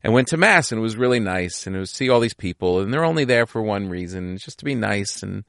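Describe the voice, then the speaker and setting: A man's voice: lowish voice, animated, quick pace, vocal fry, a bit bright, no echo, clean studio sound. A man chatting as a guest on a casual podcast, easygoing and agreeable as he tells family stories. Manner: laid-back, easygoing, lots of agreeing.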